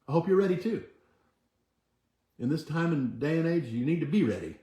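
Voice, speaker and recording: A man's voice: on the high side, lively intonation, fast talker, mellow. A man hosting a motivational livestream, earnestly coaching viewers and urging them to chant affirmations with him. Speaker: host. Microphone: camera mic, moves back from it. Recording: echoey room.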